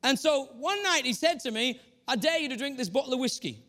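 High-voiced bright preacher from England. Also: male voice, expressive, brisk. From Northeast England. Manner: storytelling preacher, shifts pace often. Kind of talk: sermon.

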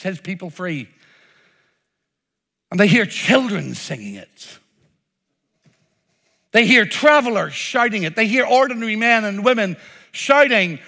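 A man's voice: high voice, pushed and bright. A man preaching a sermon, emphatic, acting out the crowd's cries with a rising voice.

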